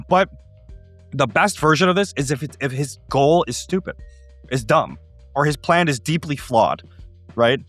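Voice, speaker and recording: A man hosting a tabletop gaming show, explaining ideas in an animated, casual way with quick asides. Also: mid-range voice, no room sound, soft background music.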